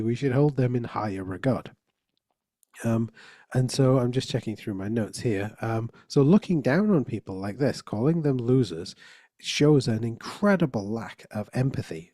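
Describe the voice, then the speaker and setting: Male conference speaker, warm mellow tone, chatty delivery full of restarts, dry close sound. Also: mid-range voice, no echo. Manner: conversational, frequent restarts and "right?" tags. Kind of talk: conference talk.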